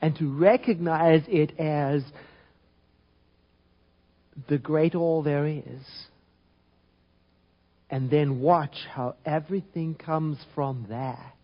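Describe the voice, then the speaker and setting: A man with a fairly high voice gives an unhurried spiritual talk, thinking aloud and circling back on his words. The recording is dull and lo-fi, with the top end rolled off. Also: fairly even intonation. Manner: reflective, gentle, with many restarts and soft trailing phrases. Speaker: spiritual teacher. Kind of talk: informal sermon talk.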